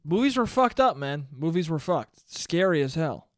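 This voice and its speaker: A young man hosts a solo podcast in a casual, rambling monologue. His voice is fairly high and his talk is profane and jokey. The sound is very dry and close. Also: very animated, normal speed, no room sound. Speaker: podcast host.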